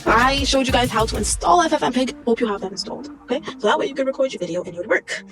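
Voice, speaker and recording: Young girl yapping through a minecraft tutorial, kinda high voice, little music in the back. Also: racing. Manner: chatty, rambling, giggly. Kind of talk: casual screen-recorded tutorial.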